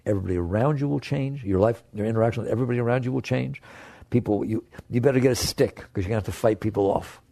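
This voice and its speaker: A man giving a spiritual talk to an audience, direct and coaxing. He jumps between playful high voices and soft low asides. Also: very fast, creaky, no echo. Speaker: spiritual teacher.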